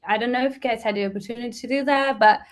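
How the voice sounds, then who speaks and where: A woman's voice: a little high, steady tone, rapid-fire. A woman from Brazil with a Brazilian accent, a musician chatting casually as an interview guest, rambling with lots of fillers.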